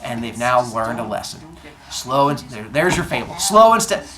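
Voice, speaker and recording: A woman's voice: very deep voice, big pitch swings, normal speed, very noisy. A woman teacher telling a class a story in a playful, joking way, in a classroom. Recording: echoey classroom.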